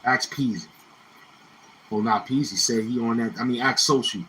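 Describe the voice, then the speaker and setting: A man's voice: medium pitch, normal speed, bright, forceful tone, slight background noise, rough recording. A man telling rambling, slang-heavy stories from his youth in a casual monologue, repeating phrases as he reminisces. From Brownsville, Brooklyn, New York. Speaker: YouTuber.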